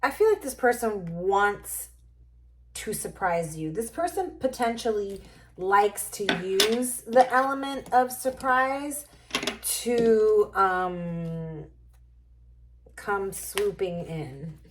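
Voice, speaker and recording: A woman reads tarot cards to her viewers in a casual, musing way, thinking aloud as she goes. Her voice sits at a middle pitch, and she talks at a slow, unhurried pace. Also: expressive, noisy background. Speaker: tarot reader. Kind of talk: casual tarot reading to camera.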